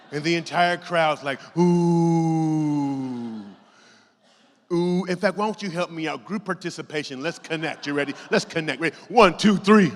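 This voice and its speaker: A middle-aged man giving a motivational keynote, telling a story in an animated way and acting out voices as he goes. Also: fairly high pitch. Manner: animated, acts out voices, laughs often. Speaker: keynote speaker. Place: large conference hall. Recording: long hall reverb.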